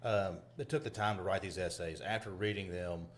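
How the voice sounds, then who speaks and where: A man's voice: low-pitched, fairly even intonation, normal speed, a little hiss or hum. A man from a local chamber of commerce talking casually, earnest and appreciative. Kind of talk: casual local talk show chat.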